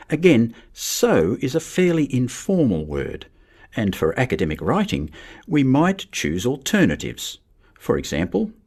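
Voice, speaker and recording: A man giving a measured, scripted narration for a lesson on writing. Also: medium pitch, a little mellow, slightly rough. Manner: measured, explanatory. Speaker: teacher.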